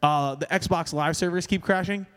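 Animated slangy young man, reverby. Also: a little high, normal speed. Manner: animated, slangy, laughing often. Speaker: podcast host. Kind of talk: casual chat.

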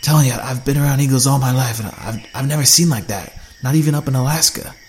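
A man voicing a panicked male survivor who yells and stammers. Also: mid-range voice, quick pace, slight background noise, close to an everyday voice. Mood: rattled. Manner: panicked, shouting.

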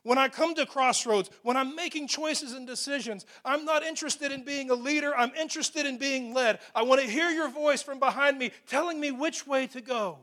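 A pastor preaching a sermon in a church, speaking in a conversational, emphatic way with asides to the congregation. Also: male voice, very high voice, moderate pace, few pauses, sharp tone. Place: church sanctuary.

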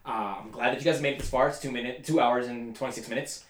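A man's voice: medium pitch, fairly even intonation, quick pace, reverberant, slight background noise. A man hosting a podcast, chatting casually and rambling at length with many fillers. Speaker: podcast host. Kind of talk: casual chat.

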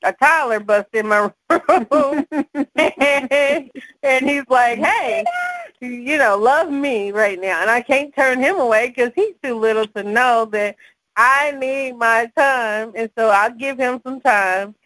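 Lively mother telling stories, bright voice. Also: high voice, takes it slowly, no room sound, poor audio. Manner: animated storytelling with laughs. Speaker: podcast co-host. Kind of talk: casual chat.

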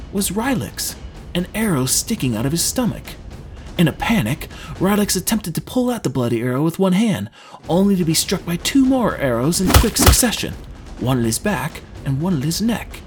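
A man narrating a fantasy audiobook in an expressive storytelling manner. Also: a little high.

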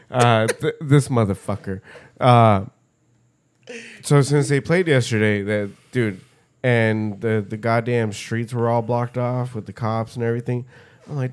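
A man's voice: mid-range voice, fairly even intonation, unhurried. A man co-hosting a casual podcast, rambling and swearing, often tripping over his own words as he tells a story. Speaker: podcast co-host. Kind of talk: casual chat.

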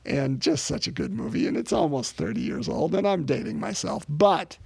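A man's voice: on the high side, animated, normal speed, gravelly, darkish tone, slightly rough, no room sound. A man preaching a sermon as a pastor, in a conversational way that repeats words and speaks straight to the congregation.

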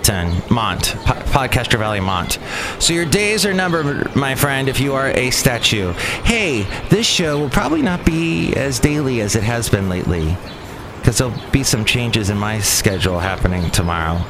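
A man's voice: medium pitch, sing-song, normal speed. A man with a Californian accent, hosting a podcast in a chatty, wry, rambling monologue. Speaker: podcast host. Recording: traffic noise in background.

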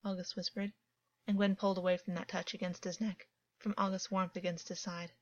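A woman reading fiction aloud as a narrator, calm and even in her storytelling. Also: mid-range voice, brisk, no room sound. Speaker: audiobook narrator. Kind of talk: scripted narration. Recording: dull, dry, lo-fi.

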